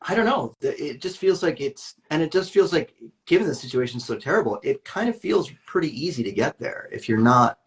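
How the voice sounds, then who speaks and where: A man's voice: a little high, very animated, brisk. A man speaking candidly as an interview guest, earnest and rambling, with many restarts and fillers.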